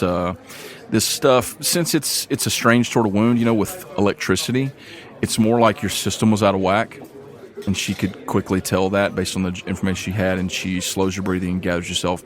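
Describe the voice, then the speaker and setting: A man's voice: sits low, fairly even intonation, moderate pace. A man narrating as game master of a tabletop game, casual and easygoing with frequent uhs and laughs. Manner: casual, laughs between lines, lots of uh.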